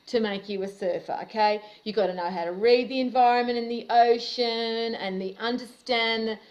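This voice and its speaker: A woman's voice: on the high side, rough recording. An Australian woman delivering a profane, confrontational monologue to camera in an angry rant. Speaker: video commentator.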